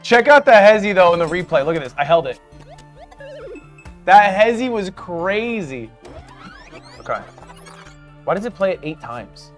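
A man with a fairly high voice hosts a casual gaming stream, teasing his guest and joking around. Faint music plays behind him. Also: sing-song, a little fast. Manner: playful, teasing, jokey. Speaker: streamer host.

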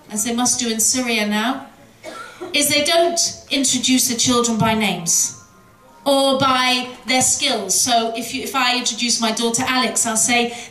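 A woman's voice: on the high side, a bit bright, far from the mic. A middle-aged British woman telling a moving story to an audience, then leading a prayer, in an earnest, emotional way. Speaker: guest speaker. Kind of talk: storytelling talk and closing prayer. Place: large hall before an audience. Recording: echoey hall, voice from afar.

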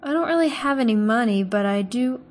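A woman's voice: a little high, expressive, brisk, lightly acted. A woman reading aloud and voicing a young male farm-boy hunter who speaks in a curt, defensive way.

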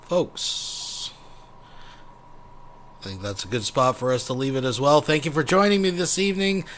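A man hosting his own channel, giving a relaxed, folksy sign-off to viewers. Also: mid-range voice, normal speed, slight background noise. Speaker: host. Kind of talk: casual sign-off.

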